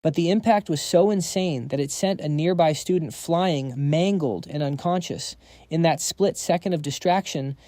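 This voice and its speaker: A man tells a comic story recap in a dramatic, slangy way. His voice sits slightly high and mellow, recorded dry and close. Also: no echo. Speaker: narrator. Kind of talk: manhwa recap narration.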